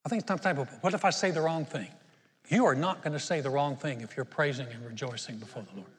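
A man's voice: mid-range voice, quick pace, long reverb tail. An older man preaching a sermon to a congregation, earnest and conversational, often restarting his words. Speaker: pastor. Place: auditorium.

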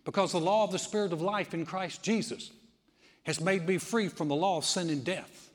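A man preaching a lively sermon in a church, his fairly high voice ringing out with a long hall reverb. He talks straight to the congregation, acts out the people he quotes and throws in asides. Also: moderate pace. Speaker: pastor. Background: congregation responding.

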